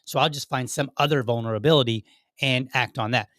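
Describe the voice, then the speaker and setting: Speaking briskly in a mid-range, fairly bright voice, this podcast host discusses politics casually, often restarting sentences and tossing in "like" asides. The studio-quality audio has no room sound.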